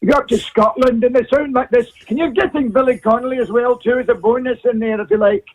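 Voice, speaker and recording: A man's voice: medium pitch, fairly quick, phone-quality sound, lightly acted. A man doing a playful tour of exaggerated national accents, jumping from one to the next.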